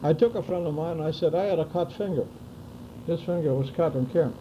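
Speaking fairly quickly in a voice on the high side, an elderly interviewee brings his wartime recollections to life for an oral history, performing the dialogue as he goes. The recording sounds dull, with a faint hiss or hum.

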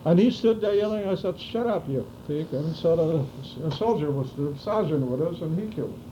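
Older man, oral history interview, acts out dialogue, high voice, faint hiss. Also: expressive, brisk, mellow, lo-fi sound. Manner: vivid storytelling, acting out dialogue. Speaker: interviewee recounting wartime memories.

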